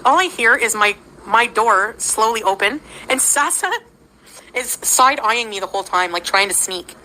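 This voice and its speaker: A woman's voice: a little high, moderate pace, bright, forceful tone, slight background noise, rough recording. A woman livestreaming, telling a meandering story in a casual way, with lots of fillers and giggles.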